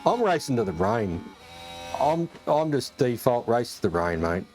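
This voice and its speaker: Excitable Australian streamer, curses freely, says mate a lot, game music behind. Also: male voice, medium pitch, measured pace. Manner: excitable, swears often, calls everyone mate. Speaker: gaming streamer. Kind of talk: casual live game commentary. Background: game music and engine sounds.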